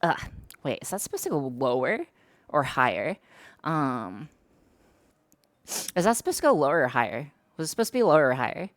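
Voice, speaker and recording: This streamer speaks to her viewers in a low, sing-song voice, moving briskly but leaving long pauses. She comes across as hesitant and self-conscious, leaning on lots of fillers, and the recording has no echo.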